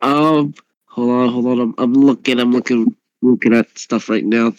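A man's voice: mid-range voice, steady tone, moderate pace, darkish tone, no room sound, dull audio. A man playing a tabletop game, casual and unsure, often repeating himself. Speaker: player.

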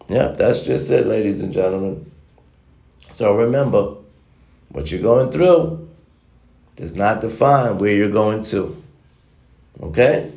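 A man's voice: mid-range voice, creaky, darkish tone. A man preaching life advice straight to the camera in a blunt, emphatic way, driving his points home by repeating them. His voice sits in a mid range, and a roomy echo surrounds it. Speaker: motivational vlogger.

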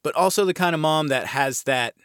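A man's voice: a little high, a little fast, a bit bright, smooth, dry recording, studio quality. Laid-back American man reviewing a film. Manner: rambling, laid-back, swears freely. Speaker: horror film podcast host.

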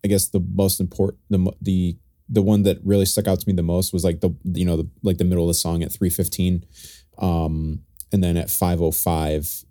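Low-voiced guy rambling about songs, lots of likes and ums, dry close sound. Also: flat delivery, warm tone, no echo. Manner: halting, many fillers and restarts. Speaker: podcast co-host. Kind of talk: casual music review chat.

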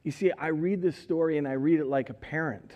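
A middle-aged man preaching a sermon in a church, telling the story with animated voices and questions to the congregation. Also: fairly high pitch, a little fast. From United States. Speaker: pastor. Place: church sanctuary.

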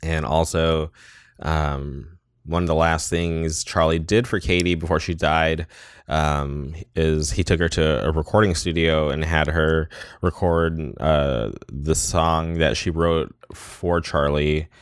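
A man's voice: extremely low pitch, fairly even intonation, slow pace, smooth, no echo, clean studio sound. A man hosting a podcast, casually recapping a movie and rambling with lots of "like" and "um". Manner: rambling, heavy use of "like" and "um". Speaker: podcast host.

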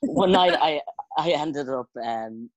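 A woman's voice: low voice, lively intonation, takes it slowly, lo-fi sound. A woman chatting casually, rambling and self-conscious with many fillers. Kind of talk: casual chat.

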